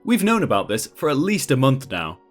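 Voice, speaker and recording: A man hosting a channel and reading Reddit stories aloud in a lively, conversational way. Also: mid-range voice, moderate pace, soft background music. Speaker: host.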